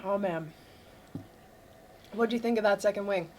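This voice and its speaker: A woman's voice: medium pitch, measured pace, darkish tone. A young woman hosting a casual interview, teasing her guest and laughing often. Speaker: host, student interviewer.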